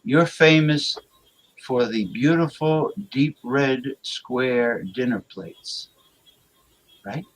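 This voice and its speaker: A man's voice: mid-range voice, drawn-out words, rough recording. A man hosting a livestream, chatting casually and reading viewer comments aloud, crude and rambling, often stammering and repeating words. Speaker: livestream host.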